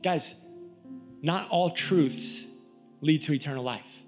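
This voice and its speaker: A male pastor from Florida preaching an energetic, emphatic sermon to a live church audience, with storytelling asides. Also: a little high, takes it slowly, soft background music. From Florida, USA.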